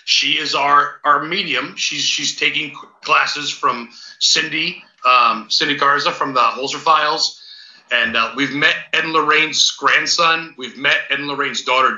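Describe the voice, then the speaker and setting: A man, a paranormal investigator, chatting as a podcast guest, telling stories in an excitable, rambling way with casual swearing. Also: mid-range voice, measured pace. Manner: excitable rambling storyteller, swears, calls host dude and big dog. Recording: roomy, dull lo-fi sound.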